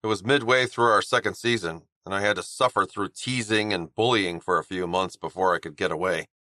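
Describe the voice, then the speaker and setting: A man doing a low, guarded hockey player. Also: no echo, clean studio sound. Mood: bitter. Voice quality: raspy. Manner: quiet, low, halting confession. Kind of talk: audiobook character voice.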